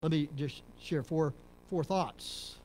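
A middle-aged man from Texas, a pastor preaching a sermon in a church, dropping to low murmurs and rising to loud emphatic peaks. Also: slow pace, a little hiss or hum. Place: church sanctuary.

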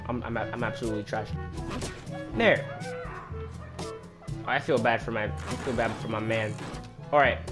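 A man giving casual let's-play commentary, chatty and easily surprised as he plays. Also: mid-range voice. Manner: chatty, easily surprised, says "dude" a lot. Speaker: gaming commentator. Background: game music.

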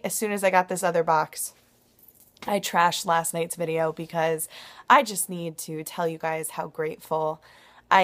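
A young woman talking at home in a personal video diary, emotional and halting, with many pauses and restarts. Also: on the low side. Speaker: vlogger.

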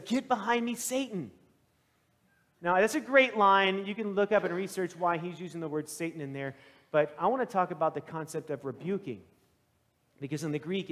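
A male pastor preaching a sermon in a church, with animated, conversational storytelling. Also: on the high side, long reverb tail.

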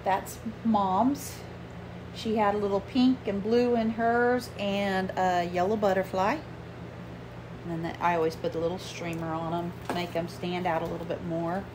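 A woman's voice: medium pitch, steady tone, a little slow, background noise. A woman chatting in a casual home vlog, rambling with many fillers and sometimes dropping to a whisper, filmed on a handheld camera. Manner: drops to a whisper at times. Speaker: vlogger. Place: at home, inside and in the yard.

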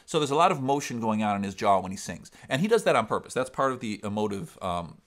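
A man's voice: lowish voice, very animated, quick pace. A man with an upper Midwest American accent and a resonant voice, explaining singing technique step by step in a vocal lesson. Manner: explains step by step, breaks into sung demonstrations. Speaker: singer and vocal coach.

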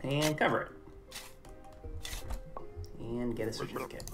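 A man's voice: medium pitch, measured pace, music in the background. A young man doing chatty live gameplay commentary for a charity stream, reading game dialogue aloud.

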